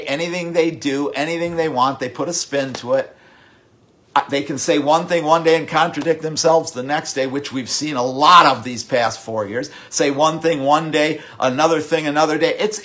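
A middle-aged man preaching a sermon with passion, repeating words, swinging from loud outbursts to hushed, whispered lines. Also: on the high side. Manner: impassioned, with repeated words and sudden drops to a hush. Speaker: pastor.

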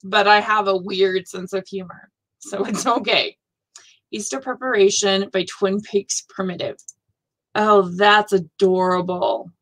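A woman's voice: medium pitch, fairly even intonation, unhurried, a bit bright, rough recording. A woman hosting a casual live stream, thinking aloud and gushing with frequent exclamations. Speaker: host of a live stitching show.

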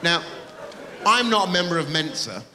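A man performs stand-up live on a big stage, his voice leaping up and down as he teases the crowd. His fairly high voice bounces around a long-echoing hall over loud audience noise. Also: moderate pace. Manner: animated, teasing, bursts into shouts. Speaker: stand-up comedian. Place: large live comedy venue with audience.

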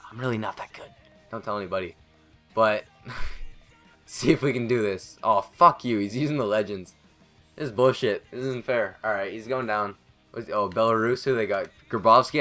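A young man giving live commentary over a video game, excitable and rambling, swearing often and talking to himself. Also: on the low side. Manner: excitable, swears a lot, rambling self-talk. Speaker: gaming commentator.

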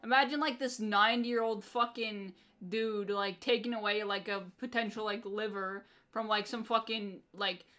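A woman's voice: medium pitch, fairly even intonation, normal speed, hardly any pauses, sharp tone. A woman live streamer chatting casually with her viewers, blunt and profane, with a constant "like" in her speech. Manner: profane, blunt and teasing, with a lot of filler "like".

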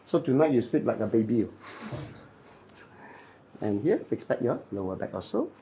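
A chiropractic therapist with a Malaysian English accent, instructing a client in clipped, playful phrases during treatment and mimicking cracking sounds. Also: male voice, medium pitch, big pitch swings, moderate pace, husky, dull audio.

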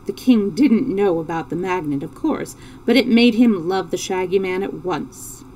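A woman reading a children's storybook aloud on a livestream in a gentle, steady storytelling voice. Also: lowish voice, moderate pace, a little hiss or hum, low-quality recording. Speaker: storyteller streamer.

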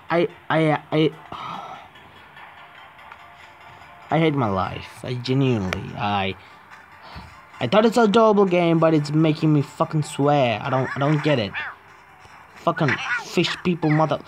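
A man's voice: on the high side, lively intonation, measured pace, long pauses, soft background music. A young man who just woke up, casually commentating a mobile game, swearing and arguing with the controls. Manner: profane, exasperated, talks to the game. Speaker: gaming YouTuber.

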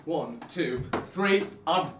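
A man speaking in a self-deprecating, deadpan way. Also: fairly high pitch, takes it slowly, echoey room, far from the mic, a little hiss or hum.

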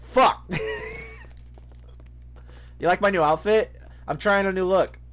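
A man's voice: high-pitched, slow, a bit bright. A man streaming a game, chatting casually with lots of swearing, jokes and laughter. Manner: joking, swearing, laughing often. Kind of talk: casual gaming commentary.

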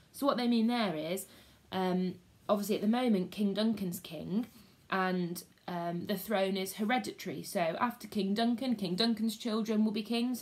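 A woman teacher, reading a story aloud to a class and pausing to explain it casually. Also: medium pitch. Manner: slow, expressive storytelling with casual asides.

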